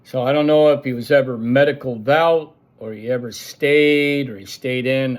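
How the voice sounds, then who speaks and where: A middle-aged man casually telling an old army story, acting out gunfire sounds and shouts. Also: medium pitch, moderate pace, hardly any pauses. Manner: animated, makes gunfire sound effects and acts out shouts. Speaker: show host telling a story.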